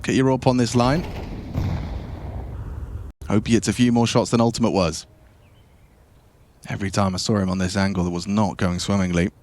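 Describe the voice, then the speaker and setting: A man doing esports play-by-play with a slightly worn voice, joking around and jumping up in pitch on big plays. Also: moderate pace, pauses often. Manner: jokey, voice climbs high in exciting plays. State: voice worn from weeks of casting. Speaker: esports caster. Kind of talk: play-by-play commentary. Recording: clear background noise.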